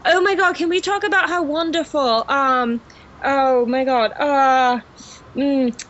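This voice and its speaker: A woman's voice: sits high, steady tone, slow, a bit bright. A woman from Russia chatting as a podcast guest in a put-on English accent, gushing and giggly with lots of fillers. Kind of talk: casual podcast chat. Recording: muffled lo-fi recording.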